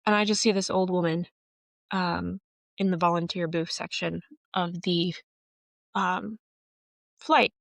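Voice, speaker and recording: Woman podcast host, personal monologue, earnest and emotional, low-ish pitch, dry close sound. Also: fairly even intonation, unhurried, vocal fry, pauses often, dry recording.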